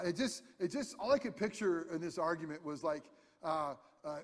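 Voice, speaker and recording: A high-pitched man delivers an animated sermon, chatty and quick to poke fun at himself. His voice carries the long reverb of a church sanctuary. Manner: animated, conversational, self-deprecating humor. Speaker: pastor. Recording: hall reverb.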